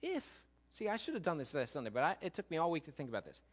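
A man's voice: fairly high pitch, huge pitch swings, quick pace, breathy edge. A middle-aged man pastor giving a sermon in a church, talking conversationally and joking with his congregation. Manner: conversational, jokey, checks in with congregation. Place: church sanctuary.

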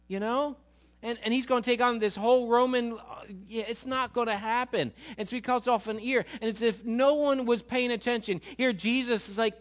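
A male pastor preaching a sermon, retelling stories with lively, animated delivery and repeated words. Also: extremely high pitch, a little fast.

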